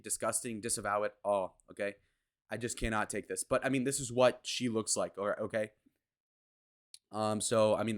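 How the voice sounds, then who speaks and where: A man hosting his own commentary video, talking bluntly and crudely, jumping from loud mocking bits to low muttered asides. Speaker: commentary channel host. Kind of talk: casual opinion commentary.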